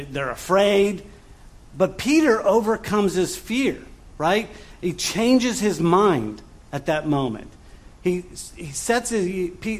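A man preaching a sermon in a conversational way, with frequent fillers, restarts and asides to the congregation. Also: high-pitched. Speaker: pastor.

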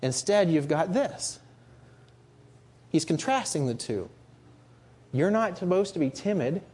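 Male preacher, husky tone, animated delivery, earnest and emphatic. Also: a little high, a little slow. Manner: earnest, rising to emphatic rhetorical questions. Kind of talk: sermon.

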